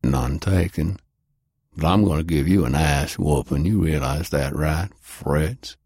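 A man voicing a big, calm, gruff bounty hunter in an audiobook. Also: extremely low pitch, a little slow, no room sound, studio quality, voice pushed down, heavily acted.

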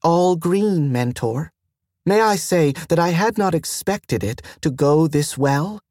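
A man's voice: a little high, lively intonation, slow, a little mellow, dry recording, clean studio sound, voice pushed up. Man voicing a formal, eager ship AI. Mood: calm. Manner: precise, courteous.

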